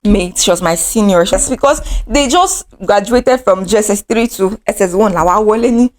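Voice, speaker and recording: A young adult woman vlogger with a Nigerian accent casually relates a dramatic episode from her own life in an animated way. Her voice is medium-pitched and her pace moderate.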